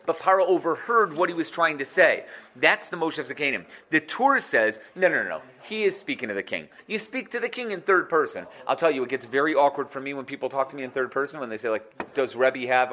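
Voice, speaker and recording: A man teaching the weekly Torah portion, explaining commentaries in a lively way and acting out quoted lines with rising excitement. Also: on the high side.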